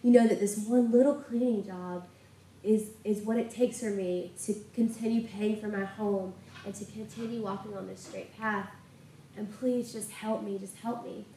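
A woman's voice: medium pitch, steady tone, moderate pace, mellow, roomy sound, distant mic, a little hiss or hum, lightly acted, low-quality recording. A woman voicing a desperate woman pleading and crying out to God.

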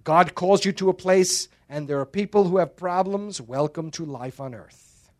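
A man's voice: sits high, normal speed, darkish tone. A male preacher giving a sermon in an emphatic, dramatic way, with joking asides.

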